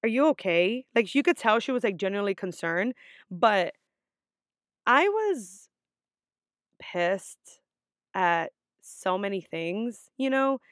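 A woman's voice: mid-range voice, big pitch swings, slow, long pauses, fairly bright tone, no room sound. Young woman, casual vlog storytelling, swears a lot, filler-heavy chat, dry close sound. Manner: profane, chatty, full of "like" fillers. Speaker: vlogger.

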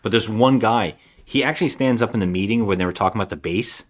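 A man's voice: lowish voice, fast. A man co-hosting a podcast, casually recapping a movie's plot in a rambling way. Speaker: podcast co-host. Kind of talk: casual movie review chat.

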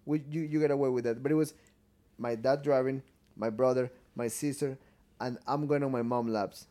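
A man's voice: mid-range voice, steady tone, normal speed, mellow. Man from Ecuador, English. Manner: broken English, swears casually. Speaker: podcast co-host. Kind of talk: casual chat.

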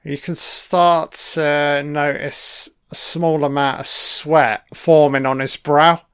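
A man's voice: fairly high pitch, level tone, slow pace, a bit bright, clear, resonant tone. A man hosting a casual audio commentary over a film, with laid-back, profane running remarks.

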